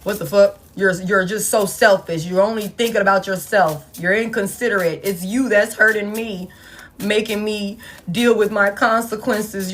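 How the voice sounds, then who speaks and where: A woman giving a collective tarot reading, blunt, profane and animated, talking straight to her viewers. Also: medium pitch, fairly quick. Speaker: tarot reader.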